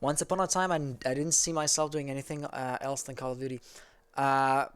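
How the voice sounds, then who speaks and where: Man, Quebec French accent, smooth clear voice, casual streamer chatting with viewers. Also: medium pitch, steady tone, fairly quick, a bit bright. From Quebec, Canada. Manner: rambling and easygoing, answers chat as he reads it. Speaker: esports caster and streamer. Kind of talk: casual livestream chat with viewers.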